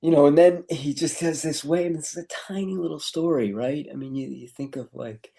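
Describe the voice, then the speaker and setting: A man co-hosting a podcast, talking over a short story in a relaxed chat and laughing often as he goes. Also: on the high side, brisk, creaky. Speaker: podcast co-host. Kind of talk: casual literary discussion.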